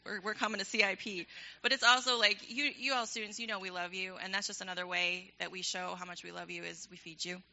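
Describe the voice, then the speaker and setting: A woman's voice: mid-range voice, steady tone, quick pace, gravelly, pushed and bright, lo-fi sound. A young woman leading a ministry program, addressing a church in a casual, enthusiastic, chatty way with frequent laughter.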